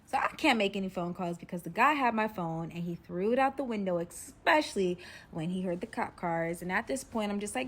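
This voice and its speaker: A young woman telling a personal story in a casual, slangy, animated way, acting out the dialogue as she goes. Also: a little high, a little fast, slight background noise.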